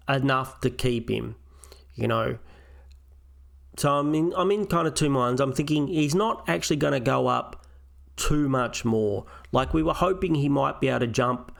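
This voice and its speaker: A man's voice: medium pitch, creaky. A man hosting a casual solo review of his fantasy football team, thinking aloud as he weighs his options step by step. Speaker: fantasy football channel host.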